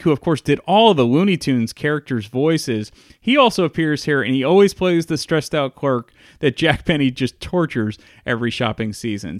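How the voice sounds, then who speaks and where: A man's voice: mid-range voice, fairly bright tone, dry recording, clean studio sound. A man reviewing a classic film in a casual, enthusiastic video. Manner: enthusiastic, chatty retelling. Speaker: movie reviewer.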